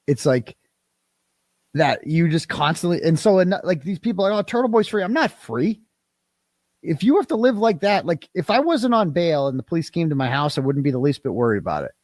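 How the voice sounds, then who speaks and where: A man's voice: fairly high pitch, expressive, fast talker, darkish tone, dry recording. Anxious, cursing man in a dry clip. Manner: anxious, swears often. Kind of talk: casual recounting.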